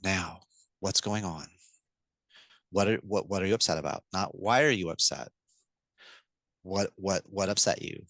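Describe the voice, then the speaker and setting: A man with a fairly low voice, talking as a podcast guest, quick and animated. He acts out parent lines to a child as he explains. The mic is close and dry, with no room sound. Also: no room sound, rough recording. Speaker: guest speaker on parenting communication. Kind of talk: enthusiastic podcast interview.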